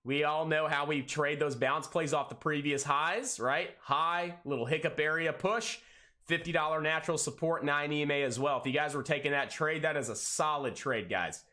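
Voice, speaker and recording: A man hosting a live day-trading stream, calling out prices and cracking jokes in an excitable, hyped way. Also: on the high side. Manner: excitable, hyped, jokey, calls out prices rapidly. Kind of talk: live trading commentary and banter.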